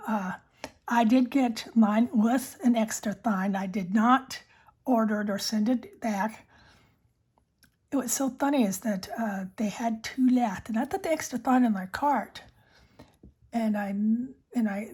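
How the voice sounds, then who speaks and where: A woman's voice: fairly high pitch, a little slow, dark tone. A woman vlogger chatting about her fountain pens, rambling with many fillers and self-corrections, often dropping to a whisper. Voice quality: breathy, frequently whispering. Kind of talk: casual show-and-tell, often whispered.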